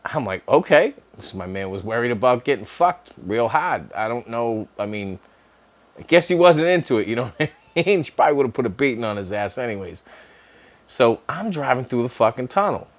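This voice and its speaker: Lively, profane man telling a story. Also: mid-range voice, fairly quick. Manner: profane, laughing often, animated. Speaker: vlogger telling a personal story. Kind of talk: casual storytelling to camera.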